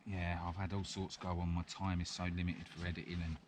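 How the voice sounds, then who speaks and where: A man's voice: sits low, flat delivery, fairly quick. A man, a vlogger chatting casually and rambling a little as he demonstrates bushcraft in the woods. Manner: rambling and chatty, with frequent chuckles. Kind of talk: casual outdoor chat and demonstration. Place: woodland outdoors. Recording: outdoor background noise.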